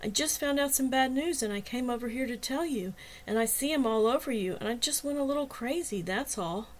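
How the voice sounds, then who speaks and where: A woman voicing a jealous, hotheaded male police officer who blusters and shouts in an audiobook. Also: mid-range voice, unhurried, lightly acted. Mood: apologetic. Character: angry jealous male cop, bulky and hotheaded.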